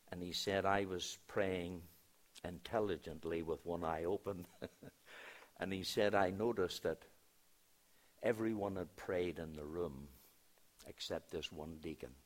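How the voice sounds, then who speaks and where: A man preaching a sermon as a pastor, telling a story in a storytelling way, hushing his voice and then rising for emphasis. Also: sits low.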